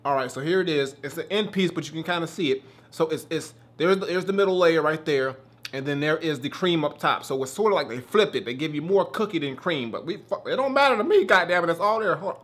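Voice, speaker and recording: Excitable, profane man reviewing candy. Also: on the high side, fast talker. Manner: profane, excitable, talks while eating. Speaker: food reviewer. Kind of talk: casual food review.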